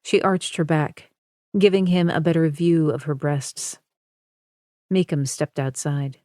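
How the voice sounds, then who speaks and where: A woman narrates an audiobook with a low, slow and measured voice. Her tone is dark and mellow, and the dry studio sound has no room echo. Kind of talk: scripted narration.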